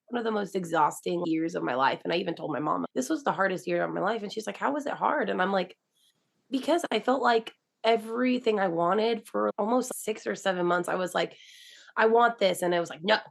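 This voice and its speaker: A woman's voice: medium pitch, fairly quick, gravelly. A young woman, a DJ, chatting as a guest and telling her story emotionally, acting out the dialogue she quotes. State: teary-eyed. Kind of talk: casual interview chat.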